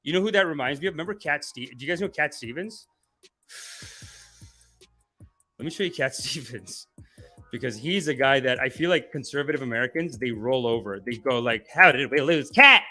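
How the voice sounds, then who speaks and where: A man's voice: medium pitch, normal speed, pauses often, fairly bright tone, faint music behind. A man hosting a livestream as a comedian, rambling through tangents, joking around and reading viewer comments aloud. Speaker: comedian and show host.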